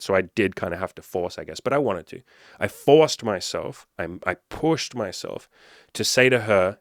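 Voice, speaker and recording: A man's voice: lowish voice, no room sound, clean studio sound. A young adult man coaching casually, blunt and full of swearing and "like" fillers. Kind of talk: casual advice monologue.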